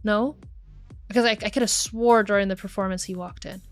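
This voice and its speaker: A woman's voice: medium pitch, fairly even intonation, faint music behind. Hesitant woman player. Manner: hesitant, halting, lots of fillers. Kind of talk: speaking in character at a tabletop game.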